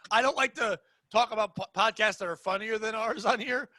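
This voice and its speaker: Man, podcast co-host, high voice, bright, ranting, crude, swearing. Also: fairly quick, no room sound. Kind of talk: casual comedic podcast banter.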